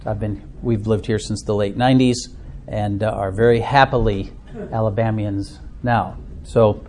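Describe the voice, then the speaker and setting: A man's voice: lowish voice, fairly even intonation, normal speed, darkish tone, slight background noise. Chatty middle-aged man with an Upper Midwest accent. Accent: Upper Midwest American. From Minnesota. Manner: chatty and self-deprecating, many fillers. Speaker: church discussion leader. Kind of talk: informal talk to a small group.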